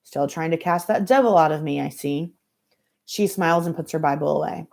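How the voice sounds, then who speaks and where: A woman reading a novel aloud to students, in dry, measured first-person narration. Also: lowish voice, vocal fry, darkish tone. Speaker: reader of a novel for school students.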